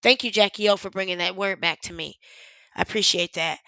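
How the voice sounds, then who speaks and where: A woman's voice: medium pitch, steady tone, brisk, pushed and bright, no echo, poor audio. A woman hosting a live stream, commenting over a video with sarcastic, incredulous questions.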